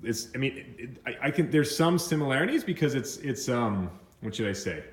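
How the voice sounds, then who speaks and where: A man teaching English vocabulary in a recorded lesson, explaining slowly with many fillers and restarts, sometimes slipping into Spanish words. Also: mid-range voice, very animated, reverberant.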